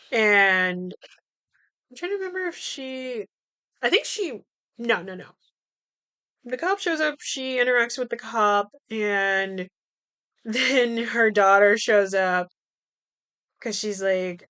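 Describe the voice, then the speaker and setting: A woman's voice: medium pitch, pushed and bright, clean tone. A woman hosting her podcast, casually recapping a film from memory, rambling, swearing freely, laughing and correcting herself as she goes. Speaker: podcast host.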